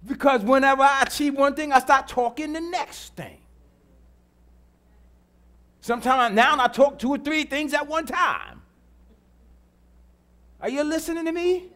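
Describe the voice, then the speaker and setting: A man's voice: very high-pitched, a little slow, pauses often, pushed and bright. A middle-aged man preaching a sermon in church, repeating his lines and calling out to the congregation. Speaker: pastor.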